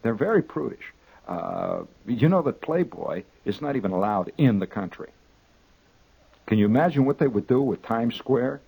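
A man telling a rambling, exaggerated comic anecdote, halting with restarts and repeats. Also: medium pitch, vocal fry, breathy edge, low-quality recording. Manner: animated, exaggerating storyteller.

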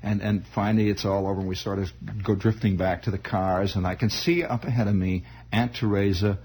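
A man telling a long personal story in a rambling, halting way, full of restarts and wry asides. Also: fairly low pitch, steady tone, darkish tone, breathy edge. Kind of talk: comic spoken storytelling.

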